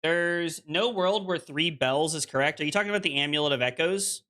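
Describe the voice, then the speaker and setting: A man streams a card game in a slightly high, bright voice with a forceful tone, talking a little fast. He chats casually with viewers, reads their messages aloud, and fills his speech with "like."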